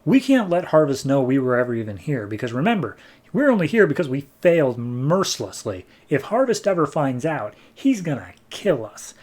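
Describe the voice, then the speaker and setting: A man's voice: medium pitch, sing-song, moderate pace, darkish tone. A man voicing a wary young female mercenary, urgent and insistent.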